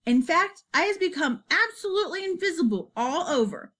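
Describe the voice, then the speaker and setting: Storybook: woman reading as a bragging young boy, higher voice, bouncy and eager. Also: animated, moderate pace, fairly bright tone. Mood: excited. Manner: eager tale-telling with broken grammar. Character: young boy dreamer, boastful and excited.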